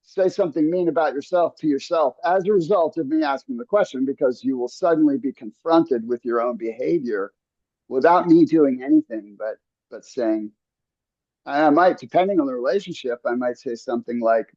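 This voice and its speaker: A man's voice: mid-range voice, normal speed, warm tone, dry recording, lo-fi sound. A man talking earnestly in a casual podcast conversation, coaching listeners with frequent restarts and asides. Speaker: podcast host.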